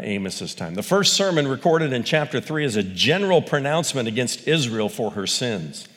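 A man preaching a sermon, animated and folksy, swinging between loud emphatic highs and quiet joking asides. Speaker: pastor. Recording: long hall reverb.

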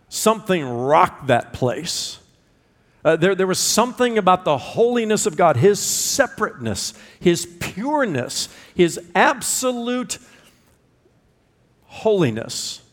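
A man preaching a sermon, emphatic, repeating words for stress and pausing between phrases. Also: a little high, long reverb tail. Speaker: pastor.

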